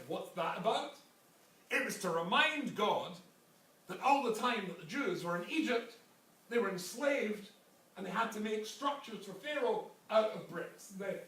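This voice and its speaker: A man's voice: sits high, a bit bright. A man with an English accent, a rabbi giving a Torah lecture full of stories and joking asides. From England. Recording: very echoey hall, from far off, faint noise.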